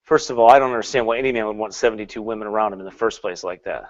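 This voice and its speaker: A man preaching a sermon in an animated way, swinging between loud and hushed, laughing often and mocking with put-on quotes. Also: lowish voice, rapid-fire, highs cut off.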